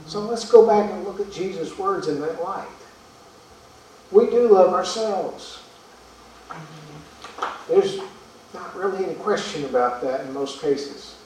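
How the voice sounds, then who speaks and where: A male pastor delivers his sermon with earnest rhetorical questions and halting repetitions. His voice sits on the higher side. It reaches us from a distance through heavy room echo over a faint hiss. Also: a little mellow. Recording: echoey room from far off.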